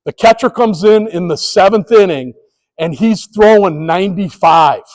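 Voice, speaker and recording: A man's voice: high-pitched, moderate pace, a little mellow, rough recording. A middle-aged man giving a presentation to sports officials, telling stories and acting out what coaches and umpires say. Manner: storytelling, acts out coaches and umpire calls.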